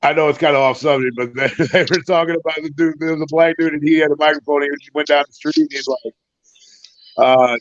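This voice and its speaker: A man's voice: on the high side, fairly even intonation, quick pace, dry recording. A man guesting on a podcast, telling stories in a profane, laughing way. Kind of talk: casual chat. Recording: dull lo-fi audio.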